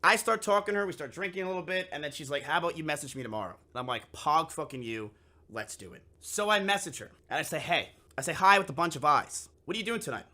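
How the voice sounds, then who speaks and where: A young man with a bright, forceful voice tells a wild story to his stream chat, pitched a bit high. He swears constantly and slips into the voices of everyone in the tale. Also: quick pace. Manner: profane and animated, acting out both sides of the conversation. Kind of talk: casual storytelling to a live chat.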